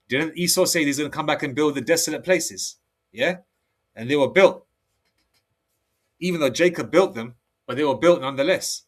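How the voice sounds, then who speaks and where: A man preaching in a rambling, excitable monologue, with many restarts and slow read-aloud scripture passages. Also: fairly high pitch. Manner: reads scripture slowly, aloud; excitable, heated outbursts. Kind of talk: solo religious monologue.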